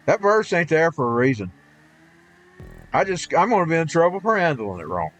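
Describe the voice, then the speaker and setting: A man's voice: on the high side, sing-song, a little fast, fairly bright tone. Indignant, rambling male streamer. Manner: indignant, rambling, restarts his sentences. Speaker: live streamer. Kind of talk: rambling rant during a game stream.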